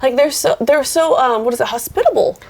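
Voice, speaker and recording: A woman co-hosting a casual chat from a hotel room, lively and profane, laughing often. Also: sits high, fairly quick, vocal fry. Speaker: co-host.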